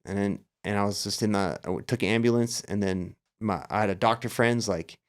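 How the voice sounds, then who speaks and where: A man's voice: on the low side, fairly even intonation, a little fast, clear, resonant tone. A middle-aged man, a podcast guest in a casual interview, telling a long story with energy and acting out his own past thoughts. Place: Las Vegas area.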